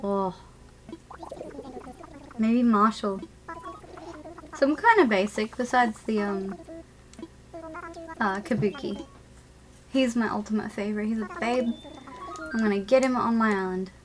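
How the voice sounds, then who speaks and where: A woman's voice: medium pitch, measured pace, long pauses. A woman casually chatting and laughing while live-streaming a video game and talking to her chat.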